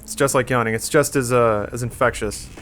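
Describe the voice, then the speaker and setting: A man's voice: mid-range voice, steady tone, fairly quick, a bit bright, a little hiss or hum. A man in his thirties hosting a casual gaming podcast, talking in a loose, rambling way with lots of fillers. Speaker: podcast host.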